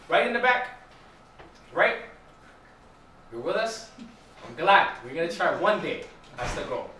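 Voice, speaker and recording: Young man, casual church teaching, chatty, asks questions, bright voice, echoey room, faint background hiss. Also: high-pitched, lively intonation, unhurried, pauses often. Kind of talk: casual Bible study teaching. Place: church hall. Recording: echoey room, mic far off.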